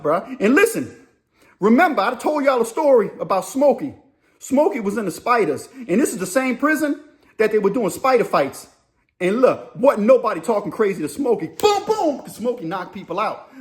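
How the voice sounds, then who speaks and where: A man telling a story in a casual, animated, rambling way, full of slang. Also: sits high.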